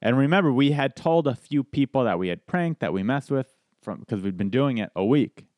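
A man's voice: mid-range voice, animated, fairly quick, a little mellow, no echo. A man who is a stand-up comedian, telling a story in casual podcast chat, acting out quoted voices and swearing.

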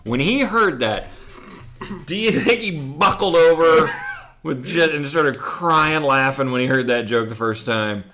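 A man's voice: a little high, animated, unhurried, pushed and bright. A man co-hosting a podcast, riffing in casual comedic banter with playful, exaggerated disbelief. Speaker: podcast co-host.

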